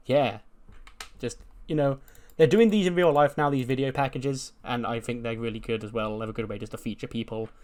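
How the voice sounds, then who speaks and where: A man casually recapping a wrestling booking game, chatty and full of fillers. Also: mid-range voice. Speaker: gaming YouTuber. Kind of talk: casual commentary on a wrestling sim.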